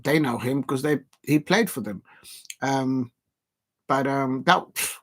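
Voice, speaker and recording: A man hosting a live football watch-along, reading viewer comments aloud and ranting indignantly. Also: medium pitch.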